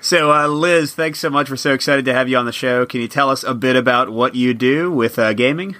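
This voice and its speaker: A man's voice: mid-range voice, brisk, bright, forceful tone. A man co-hosting a board game podcast, chatting casually and walking through game rules with an upbeat manner and frequent fillers. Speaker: podcast co-host.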